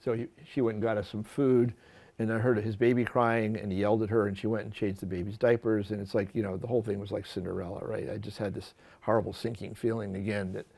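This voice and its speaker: Halting man telling a story. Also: lowish voice, flat delivery, gravelly, darkish tone. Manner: halting, repeats words, acts out quoted dialogue. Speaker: photographer giving a talk. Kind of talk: storytelling lecture with slides.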